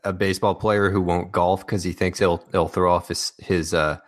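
A man with a very low, deep voice chats casually about a movie. He slips in wry jokes and dry asides as he talks it over with friends. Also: fairly even intonation, normal speed. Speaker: podcast co-host.

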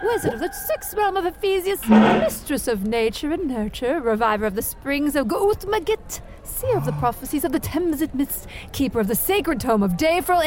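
A woman's voice: high-pitched, a little hiss or hum. A woman voicing a pompous, vain female wizard in improvised comedy role-play, talking in a grandiose, gushing way.

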